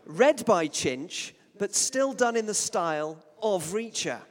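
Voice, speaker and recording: A man's voice: high voice, lively intonation, slow, long reverb tail. A man hosting a comic live podcast, reading listener mail with a dry, mock-formal wryness.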